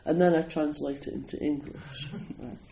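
A man's voice: on the high side, steady tone, normal speed, gravelly, mellow, a little hiss or hum, poor audio. An older man from Scotland giving a chatty, digressive talk at a Zen centre, laughing often as he introduces a poem. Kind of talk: casual talk introducing a poetry reading.

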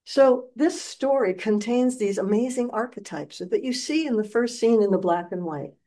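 A woman giving a dharma talk as a meditation teacher, telling a story in an animated, gentle and reflective way. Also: fairly high pitch, moderate pace.

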